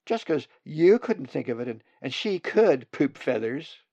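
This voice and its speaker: A man voicing a bunch of squabbling, excited raven nestlings in shrill voices. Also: measured pace, dry recording, dull audio, exaggerated voice. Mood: teasing.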